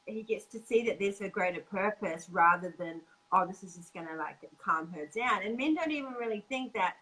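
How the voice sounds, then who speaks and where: A woman hosting a casual chat about relationships, earnest and quick to laugh, acting out what men say. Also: mid-range voice, sharp tone, rough recording. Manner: earnest, laughs often, acts out quoted men. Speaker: podcast host.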